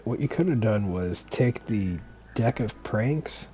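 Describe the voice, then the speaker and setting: A young man with a fairly low voice sounds worn out as he banters with his tabletop group. His humor is wry and self-deprecating. A faint hiss runs underneath. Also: lively intonation, takes it slowly, warm tone. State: tired. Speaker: tabletop player. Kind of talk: casual chat among tabletop players.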